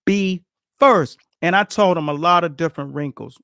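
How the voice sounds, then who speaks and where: A middle-aged man tells boxing stories with lots of energy, acting out what people said. His voice sits high for a man. The sound is dry and close, with no room around it. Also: fast, vocal fry, clear, resonant tone, dry recording. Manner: animated, acts out quotes, laughs often. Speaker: boxing coach, guest. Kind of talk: storytelling in casual interview.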